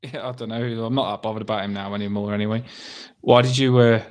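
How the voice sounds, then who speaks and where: A man's voice: lowish voice, steady tone, quick pace, darkish tone. A man hosting a casual fan podcast, laughing and teasing his co-host.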